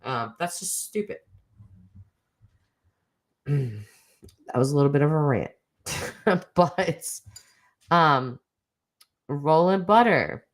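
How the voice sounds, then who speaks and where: A woman's voice: sits low, lively intonation. A middle-aged woman hosting a casual livestream chat, reading viewer comments with teasing asides and frequent laughs. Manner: chatty, teasing, laughs often, quick asides.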